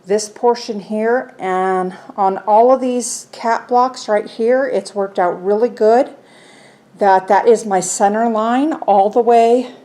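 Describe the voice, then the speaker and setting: A woman's voice: mid-range voice, mellow. A woman hosting a casual home sewing vlog, chatting cheerfully with lots of "um" fillers and joking about her own mistakes. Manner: chatty, unhurried, frequent "um" fillers. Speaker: quilting channel host.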